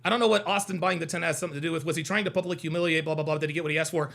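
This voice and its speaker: A man's voice: a little high, fairly even intonation, very fast, vocal fry, fairly bright tone. A man hosting a heated livestream, reading out chat comments and arguing with them in a combative, mocking way, repeating his points.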